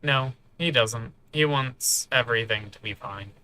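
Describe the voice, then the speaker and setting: A man narrating a visual novel in a soft, measured inner-monologue voice. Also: medium pitch, a little hiss or hum. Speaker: game streamer reading aloud.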